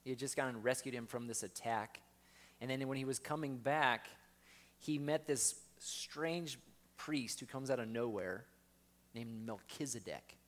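A man's voice: medium pitch, measured pace. A man preaching a sermon in a conversational way, often asking his listeners questions.

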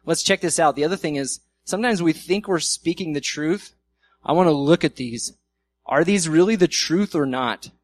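A man's voice: fairly high pitch, normal speed, dry recording. A man preaching a sermon in a church in a conversational way, acting out quoted arguments with humor. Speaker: pastor.

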